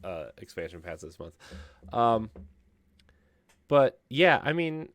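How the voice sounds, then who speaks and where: A man's voice: medium pitch, big pitch swings, slow, fairly bright tone. A man co-hosting a gaming podcast, tired, joking and laughing through a rambling casual chat. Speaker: podcast co-host.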